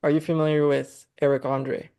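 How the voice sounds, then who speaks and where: Higher-pitched guy host, kinda monotone, gravelly, chill and rambly. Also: normal speed. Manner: laid-back, rambling. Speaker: podcast host. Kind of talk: casual podcast chat.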